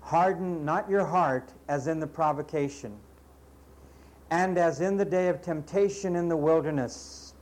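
A man's voice: fairly high pitch, unhurried, darkish tone, rough recording. A man preaching a sermon in an emphatic, scolding way, with sarcastic asides and mocking impressions of his listeners.

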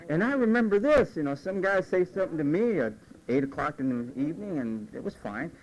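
A man's voice: sits high, low-quality recording. A man preaching a conversational sermon as pastor, acting out quoted voices along the way. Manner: animated, acts out quoted voices.

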